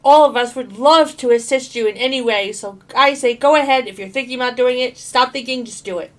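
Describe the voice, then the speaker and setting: A woman's voice: high voice, a little fast. A woman from Brooklyn co-hosting a casual livestream, laughing easily and speaking bluntly and encouragingly. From Brooklyn, New York. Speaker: co-host. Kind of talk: casual live chat.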